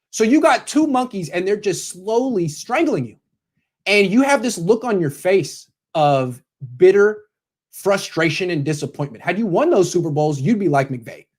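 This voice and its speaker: A man who is a sports commentator, bluntly lecturing a coach as if in a meeting, confrontational and direct. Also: high voice.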